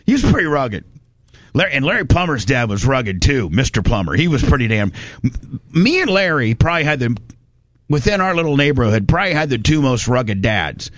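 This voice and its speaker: A man's voice: medium pitch, fairly quick, no echo. A man from Indiana, telling a rambling, folksy story in casual chat. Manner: rambling, folksy, animated when quoting people.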